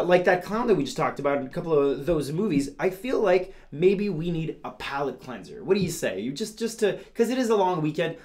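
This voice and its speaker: A man's voice: a little high, a little mellow. A man hosting a comedic news show, playful and gushing as he talks straight to his audience.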